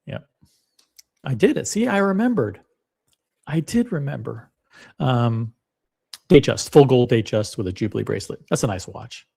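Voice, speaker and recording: A man's voice: medium pitch, animated, moderate pace, vocal fry, pauses often, warm tone, slightly rough. A man hosting a live reaction stream, chatting in a rambling, self-deprecating way. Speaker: livestream host.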